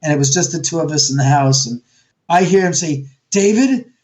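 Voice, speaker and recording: Animated man telling stories over a call. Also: a little fast. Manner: animated, acts out quotes with jumps in pitch. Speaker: guest, author. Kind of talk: casual storytelling interview.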